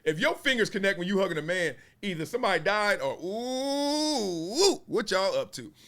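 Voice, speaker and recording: A man, giving playful, animated casual commentary on sports media. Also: sits high, normal speed. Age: 40s. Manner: animated, playful, acts out quotes in voices.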